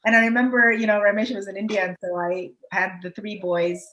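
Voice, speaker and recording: A woman's voice: medium pitch, flat delivery, a little fast, fairly bright tone, highs cut off, a little hiss or hum. A woman in her fifties, a podcast guest, telling a story in a rambling, casual way full of "like" and "you know". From United States. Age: 50s.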